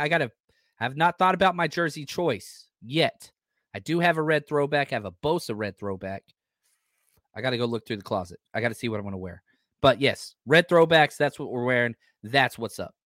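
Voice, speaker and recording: A man hosting a casual sports fan podcast, talking excitedly, swearing casually and reading out listeners' questions. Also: a little high, no echo, clean studio sound. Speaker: podcast host.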